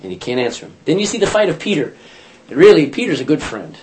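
A man's voice: a little high, fast, slight background noise. A man leading an informal Bible study, telling the stories in a chatty way, acting out the lines and correcting himself as he goes. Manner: animated, chatty storytelling with self-corrections and laughs.

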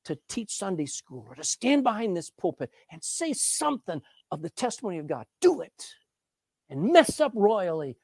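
Man preaching with lively pitch swings. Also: dry recording, clean studio sound. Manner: storytelling, swings from soft to loud and emphatic. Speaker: pastor. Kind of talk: sermon.

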